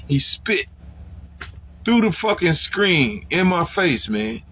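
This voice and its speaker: A man telling a personal story in casual, profane speech. He ends many phrases with "man" and acts out his own past lines in a louder, higher voice. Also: sing-song, slow.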